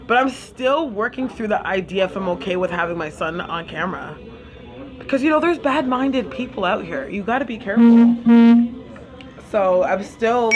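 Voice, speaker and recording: A woman with a Caribbean accent hosting a casual live stream, chatting and eating while she answers viewers' comments. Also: medium pitch. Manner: chatty, eats while talking, reads viewers' comments aloud. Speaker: livestream host.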